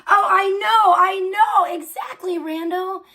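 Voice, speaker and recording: A woman hosting a livestream, ranting loudly and scornfully with heavy swearing. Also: very high voice, takes it slowly. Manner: loud, profane, scornful ranting. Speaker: livestream host. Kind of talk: profane livestream rant.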